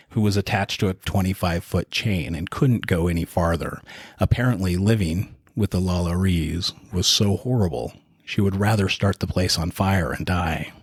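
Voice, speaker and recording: A man co-hosting a podcast, casually retelling a dark historical story in a relaxed, conversational way. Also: low voice, breathy edge, no room sound, clean studio sound. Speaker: podcast co-host.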